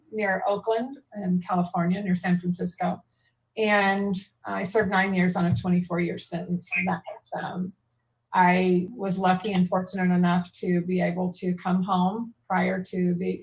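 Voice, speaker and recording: A woman at a middle pitch speaks as a guest in a casual interview. She talks earnestly as an advocate, with a few ums along the way. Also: rough recording.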